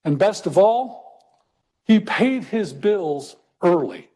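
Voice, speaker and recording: A middle-aged man from Texas telling a personal story to an audience, slowing down for emphasis. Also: high-pitched, expressive, warm tone. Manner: conversational storyteller, slows for emphasis. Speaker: speaker. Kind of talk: storytelling talk.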